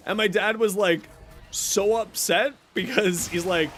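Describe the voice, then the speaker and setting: A man's voice: high-pitched, takes it slowly, fairly bright tone, a little hiss or hum. A male streamer giving casual gameplay commentary, a chatty storyteller who laughs often, talking into a desk mic.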